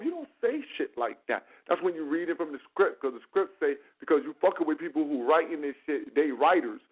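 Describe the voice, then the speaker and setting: A man hosting a casual chat, telling stories in a profane, animated way and mimicking the people he quotes. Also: on the high side, fast talker. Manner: profane, animated storytelling with mocking quoted voices. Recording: tinny phone-like line.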